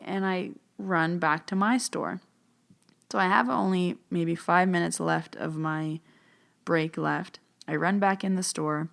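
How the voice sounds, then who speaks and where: Woman host, lower voice, spins a personal story in a chatty, repetitive flow. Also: fairly even intonation, normal speed, vocal fry. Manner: chatty, retells dialogue, repeats phrases. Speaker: podcast host, medium.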